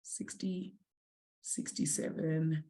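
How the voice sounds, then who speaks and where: A woman from South Africa teaching a live online maths lesson, encouraging her students warmly and calling them affectionate names. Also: low voice, level tone, slow, roomy sound. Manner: warm, encouraging, calls students "my sweetie".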